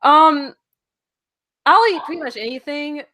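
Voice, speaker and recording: A woman with a Southern US accent hosts a casual interview in a fairly high voice. She is friendly and reads out viewer comments as she goes. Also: animated, unhurried, bright, forceful tone. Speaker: interview host.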